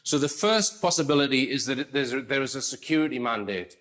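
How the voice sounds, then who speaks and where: A man's voice: mid-range voice, lively intonation, fast, fairly bright tone. A man presenting an analytical commentary in a conversational way, explaining with asides.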